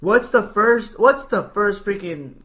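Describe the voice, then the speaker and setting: A man's voice: high voice, slow. A man hosting a casual podcast, ranting playfully and joking with his guest. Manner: animated, ranting, jokey. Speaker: podcast host.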